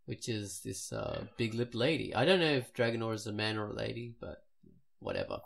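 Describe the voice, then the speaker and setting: Very low husky woman. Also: very animated, fairly quick. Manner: rambling, self-mocking asides. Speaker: podcast co-host. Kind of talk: casual podcast chat.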